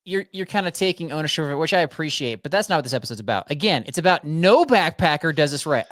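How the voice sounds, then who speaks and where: A man's voice: a little high, expressive, fast talker, hardly any pauses, fairly bright tone, no echo, clean studio sound. A man co-hosting a casual backpacking chat, steering the topics and reading out segments. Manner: steers the talk, reads out segments. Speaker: podcast co-host.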